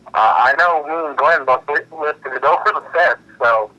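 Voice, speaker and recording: A man's voice: fairly high pitch, moderate pace, pushed and bright. A man chatting casually over a phone line, hesitant with many fillers. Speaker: co-host on phone. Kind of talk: casual chat.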